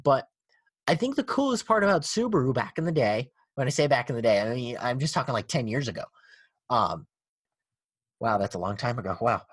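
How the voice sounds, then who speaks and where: A man's voice: mid-range voice, brisk, husky, dry recording. A man hosting a casual car podcast, swearing and laughing as he rants. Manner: profane, animated, laughing ranter. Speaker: podcast host.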